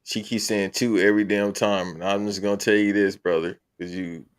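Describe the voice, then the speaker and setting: A man's voice: fairly low pitch, steady tone, brisk, clean tone. A grown man chatting casually as a podcast co-host, joking and crude as he tells stories. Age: adult. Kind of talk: casual chat.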